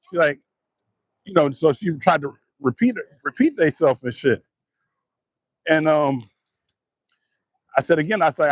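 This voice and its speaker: A man telling a story in a profane, animated casual rant. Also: on the high side, normal speed, pauses often, husky, no room sound. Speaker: vlogger.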